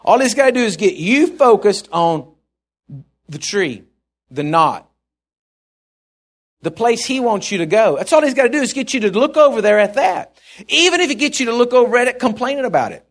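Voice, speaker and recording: A man's voice: extremely high pitch, very animated, normal speed, long pauses. A middle-aged male pastor preaching a sermon, telling stories in a rambling, chuckling way with many restarts.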